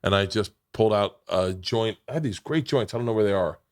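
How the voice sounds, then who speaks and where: A man's voice: lowish voice, a little fast. A man hosting a casual chat, telling a profane story with lots of restarts.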